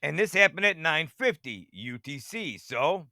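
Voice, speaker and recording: A man rambling excitedly through screen-share commentary and talking straight to his viewers, who keeps asking if they see how it works. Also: a little high, measured pace, few pauses, no echo, studio quality. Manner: talks to viewers directly, half-mocking. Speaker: radar-watching channel host.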